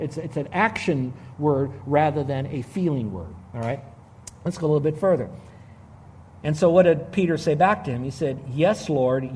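A middle-aged man preaching a sermon as a pastor, animated, swinging between loud emphasis and hushed asides. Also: on the high side.

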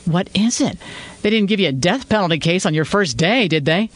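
A man's voice: high-pitched, expressive, a little fast, a bit bright, no room sound. A man voicing an easygoing veteran crime reporter husband who talks playfully in an audio story. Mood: pleading. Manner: playful, pleading.

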